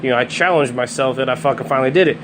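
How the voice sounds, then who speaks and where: A man's voice: mid-range voice, racing, a bit bright, slight background noise, poor audio. A man in his thirties hosting a podcast, ranting bluntly and swearing constantly, often stumbling and restarting his sentences. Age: 30s. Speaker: podcast host. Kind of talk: profane solo rant.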